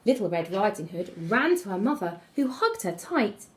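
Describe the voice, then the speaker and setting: A woman teacher reading a fairy tale aloud to children, with expressive storytelling. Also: mid-range voice, normal speed. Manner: expressive storytelling, gasps and whispers.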